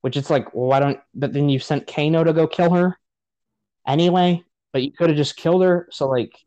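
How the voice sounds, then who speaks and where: A man's voice: a little high, fairly even intonation, fairly quick, dark tone, no echo, lo-fi sound. A man on a podcast giving a profane, sarcastic rant about a movie in casual chat. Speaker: podcast host.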